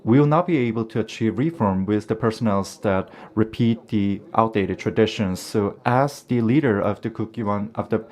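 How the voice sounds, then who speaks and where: A man's voice: on the low side, moderate pace, few pauses, darkish tone. A man giving an earnest live English interpretation of a formal debate, sometimes restarting a phrase.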